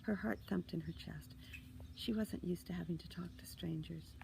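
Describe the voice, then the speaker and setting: A woman reads her own children's book aloud with a deep gravelly voice. She is expressive and often drops into breathy, hushed asides. A faint hiss sits behind her. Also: normal speed, low-quality recording. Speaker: author. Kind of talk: storybook reading.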